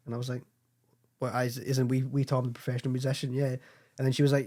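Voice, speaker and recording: A young Scottish man, a podcast guest, telling rambling, excitable anecdotes in casual chat, swearing and acting out what people said. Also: medium pitch, fast.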